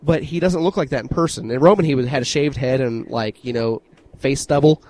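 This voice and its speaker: A man co-hosting a podcast, telling stories in an animated, casual way and swearing freely. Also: medium pitch, fairly quick, low-quality recording. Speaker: podcast co-host. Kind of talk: casual chat.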